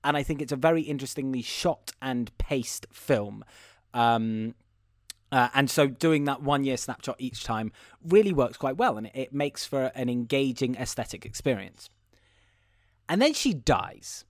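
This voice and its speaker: A man's voice: mid-range voice, expressive, measured pace, no echo, studio quality. A man hosting a casual podcast, chatting animatedly about a film plot with self-deprecating asides. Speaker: podcast host and editor. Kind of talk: casual film review chat.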